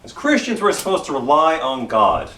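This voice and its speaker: Canadian pastor, lively storytelling, roomy church. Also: male voice, fairly high pitch, normal speed, recorded from a distance. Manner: self-deprecating, storytelling, repeats phrases. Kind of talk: casual sermon with personal stories. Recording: roomy church sound from off-mic.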